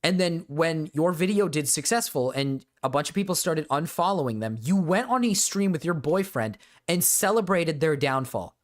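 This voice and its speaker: A man's voice: on the high side, animated, normal speed, hardly any pauses. A man streaming a reaction to a video, ranting in a profane, exasperated way at his chat. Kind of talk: reaction commentary.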